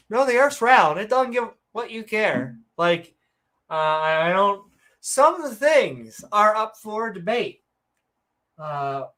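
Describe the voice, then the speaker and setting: A woman co-hosting a casual podcast, reading out viewer comments in a rambling, joking way with lots of fillers and self-corrections. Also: lowish voice. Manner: sarcastic, joking. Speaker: podcast co-host.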